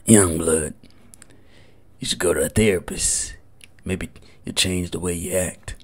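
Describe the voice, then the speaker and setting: A man voicing a gruff older man who gives blunt advice in a deep, mocking drawl. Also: steady tone, a little slow.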